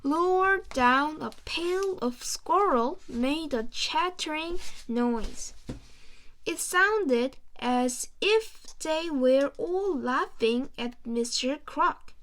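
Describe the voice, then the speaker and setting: Slow high-voiced woman reading a storybook. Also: animated, fairly bright tone. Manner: slow, careful reading with small stumbles. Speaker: reader. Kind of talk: children's storybook read-aloud.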